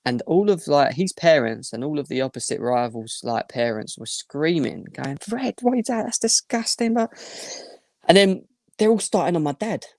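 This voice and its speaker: A young man, animated and rambling as he tells a story as a podcast guest. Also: medium pitch, normal speed, no echo, studio quality. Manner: animated, rambling anecdote with restarts. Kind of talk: casual storytelling.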